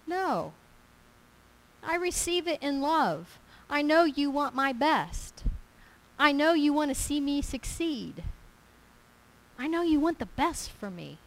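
Woman preacher, fairly high voice, emphatic and repetitive, conversational sermon delivery. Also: sing-song, slow, pauses often, a bit bright, rough recording.

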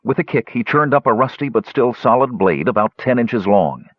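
A man reading a fantasy adventure aloud in steady, measured scripted narration. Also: medium pitch, husky, dry recording. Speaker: audiobook narrator. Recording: dull, dry lo-fi recording.

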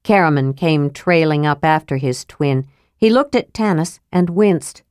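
Woman narrating a fantasy audiobook, low voice, steady, dry sound. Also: a little slow, clear, resonant tone, dry recording.

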